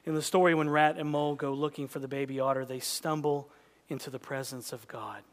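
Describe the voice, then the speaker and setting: A male preacher delivering an impassioned sermon, swinging from loud urgency to hushed intensity. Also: mid-range voice, steady tone, brisk, big-room sound.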